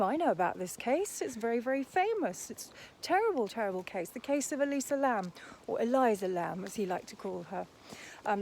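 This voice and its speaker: A woman's voice: medium pitch, darkish tone, a little hiss or hum. Sarcastic woman ranting while walking. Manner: sarcastic, scornful. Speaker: vlogger. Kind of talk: casual to-camera rant. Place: outdoors, walking.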